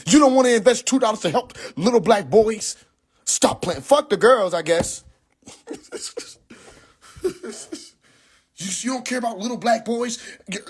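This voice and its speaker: A young man hosting a livestream, ranting in a casual, profane way. He speaks, sounds incredulous and animated, and breaks into laughter often. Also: very high voice, moderate pace, pauses often, husky. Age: young adult. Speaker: livestream host. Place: in a car.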